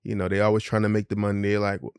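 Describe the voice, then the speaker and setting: A man's voice: lowish voice, monotone, very fast, creaky, a little mellow, smooth, no echo, clean studio sound. A middle-aged man co-hosting a podcast, candidly telling a personal story in casual, profane speech and acting out the voices of the people in it. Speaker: podcast co-host.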